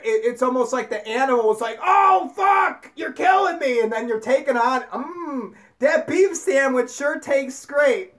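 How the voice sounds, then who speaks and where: A woman delivering a heavily profane spiritual rant to her audience, repeating herself for emphasis. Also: on the high side. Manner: heavy swearing, emphatic repetition. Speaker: channel host.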